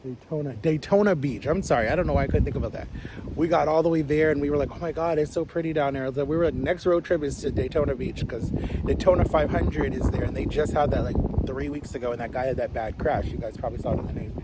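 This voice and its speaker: A vlogger in his thirties rambles through a story in a casual, chatty way, talking fast and filling it with "like" and restarts. His voice sits a little high for a man. Street and traffic noise from outdoors is clearly audible behind him.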